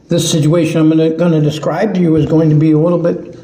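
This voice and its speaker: A man preaching a sermon in an earnest, halting way, often restarting his words. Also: fairly high pitch, little pitch movement, warm tone. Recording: echoey room.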